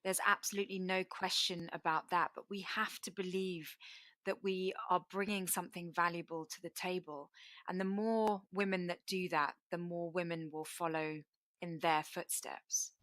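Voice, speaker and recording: A woman host leads a podcast conversation, affirming what her guest says. Her voice sits on the low side. The sound is close and dry. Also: fairly even intonation, normal speed, a bit bright, no echo. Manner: affirming and encouraging. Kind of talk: conversational interview.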